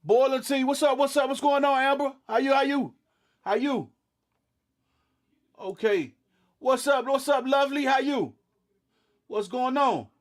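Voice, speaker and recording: High-voiced man chatting on a livestream. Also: measured pace, pauses often. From eastern North Carolina. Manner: laid-back, repeats "you know what I'm saying". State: sleepy. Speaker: livestream host. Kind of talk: casual livestream chat greeting viewers.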